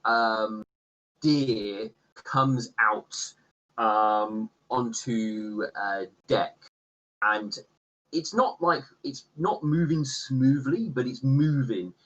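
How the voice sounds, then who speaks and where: A man's voice: mid-range voice, very slow, fairly bright tone, lo-fi sound. A man narrating a tabletop game as game master, hesitant and full of ums and uhs.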